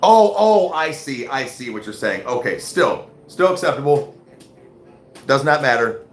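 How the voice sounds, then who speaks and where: Male stream host, casual and swearing, animated voice in a roomy space with music behind. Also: mid-range voice. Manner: loose and profane, heavy on "like", "dude" and "bro". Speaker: livestream host. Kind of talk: casual chat reading viewer comments.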